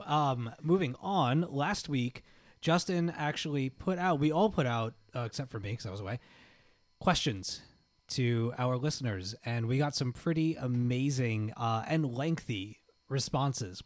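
A man's voice: mid-range voice, lively intonation, measured pace, no echo, clean studio sound. A man hosting a podcast, steering the casual conversation between topics in an upbeat way. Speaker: podcast host. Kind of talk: casual chat.

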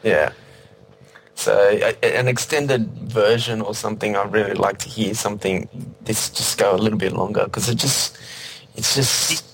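A man in a casual music review chat, talking in a relaxed, measured way with many fillers. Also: fairly low pitch, background noise. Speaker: podcast co-host.

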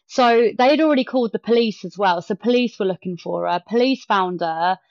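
A woman's voice: medium pitch, fairly quick, no room sound. A woman, a podcast guest telling a story in casual chat and acting out the quotes. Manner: animated retelling with acted-out quotes. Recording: dull lo-fi dry sound.

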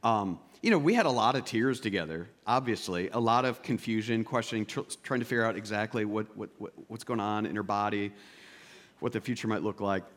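Animated male pastor preaching. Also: lowish voice, a little fast. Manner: animated, swings between loud emphatic peaks and quiet intimate asides. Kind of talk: sermon.

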